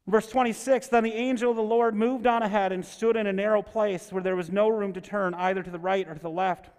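A man's voice: high voice, fairly even intonation, brisk, darkish tone, clear, resonant tone. A male pastor preaching a sermon and reading scripture, talking in a conversational way that keeps checking in with listeners. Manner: conversational, asks listeners "right?". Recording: long hall reverb.

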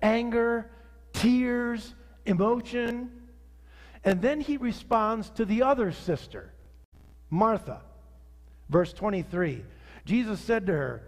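A man preaching a sermon as pastor, swinging from fiery outrage to hushed tenderness. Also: sits high, slow, long pauses, big-room sound. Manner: animated preaching, rising to outrage then dropping soft.

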